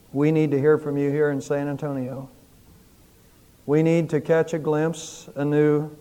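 A man's voice: medium pitch, a little mellow. A man preaching an Easter sermon as pastor, praying and then building to fervent emphasis in a church. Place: church sanctuary. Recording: long church hall reverb.

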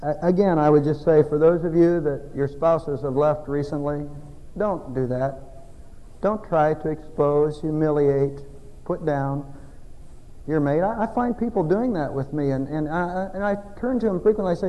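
A man preaching a sermon as a pastor, emphatic and folksy, with loud exhortation and quiet asides. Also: a little high, normal speed, in a large hall, poor audio. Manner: folksy, self-deprecating humor.

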